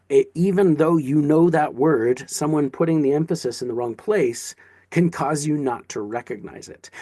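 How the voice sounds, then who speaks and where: A man's voice: medium pitch, warm tone, slightly rough, dry recording. A man teaching a casual online lesson, talking in a chatty, encouraging way with asides and restarts. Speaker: Greek teacher.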